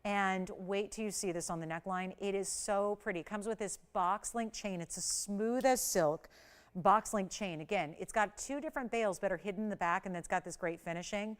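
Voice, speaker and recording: A middle-aged woman presents jewelry on a live shopping channel in a smooth, clear, resonant voice. Her pitch sits in the middle range, and she talks to viewers in a chatty, enthusiastic way, as though showing them something in person.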